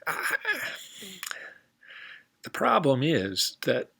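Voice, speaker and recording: A man voicing a sly male coyote trickster in a storybook tale, talking in a soft, wheedling way. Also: medium pitch, huge pitch swings, drawn-out words, gravelly, husky, pitched above the performer's own voice, heavily acted.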